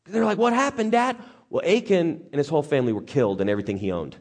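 A man preaching a sermon as lively storytelling, joking and acting out the characters. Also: medium pitch, racing. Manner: animated, jokey, acts out characters.

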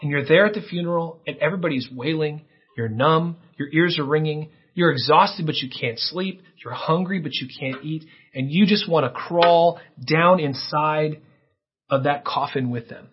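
A man preaching a sermon, earnest and dramatic, with his voice leaping up and then dropping to a hush as he tells a story. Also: fairly high pitch, normal speed, breathy edge. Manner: earnest, dramatic storytelling with sudden rises and hushed drops. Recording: dull lo-fi sound.

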